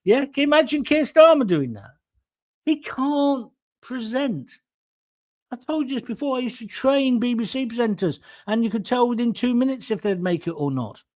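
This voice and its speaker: A man's voice: very high-pitched, lively intonation, normal speed. An older man from England hosting a political talk show, delivering a blunt, opinionated monologue with sarcastic asides. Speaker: host.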